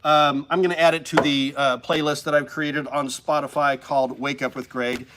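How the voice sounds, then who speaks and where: Male live-stream host, slightly high voice, eager and emotional, chatting with viewers. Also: little pitch movement, moderate pace, noisy background. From Missouri Ozarks. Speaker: livestream host. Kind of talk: casual live-stream chat. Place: indoors with a shelf.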